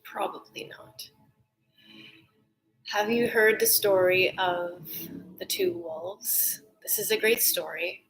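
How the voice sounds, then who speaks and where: A woman leading a guided breathing meditation, soft-spoken and calm, often drifting into whispers, then gently teaching. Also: mid-range voice, slow, vocal fry, pauses often, low-quality recording.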